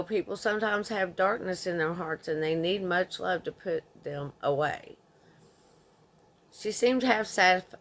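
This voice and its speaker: A woman's voice: fairly low pitch, a bit bright. A woman in her thirties reading a forum story aloud in an indignant, conversational way. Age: 30s. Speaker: narrator.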